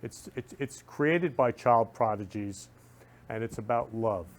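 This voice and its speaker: A man's voice: mid-range voice, unhurried. A man hosting a talk show, interviewing a guest and affirming him with frequent murmurs. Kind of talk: interview chat.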